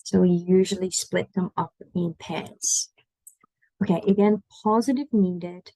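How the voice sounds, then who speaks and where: A woman with a Dutch accent teaching an online Dutch lesson in English, patiently saying Dutch words slowly for the learner to copy. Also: on the low side, steady tone, dark tone, no echo, low-quality recording.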